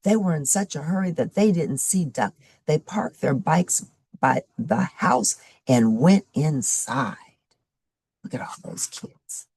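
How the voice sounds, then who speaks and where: A woman's voice: low voice, animated, takes it slowly, creaky, breathy edge, no room sound. A middle-aged woman reading a picture book aloud to children, adding friendly asides about the pictures. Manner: warm asides to young listeners. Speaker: storybook reader.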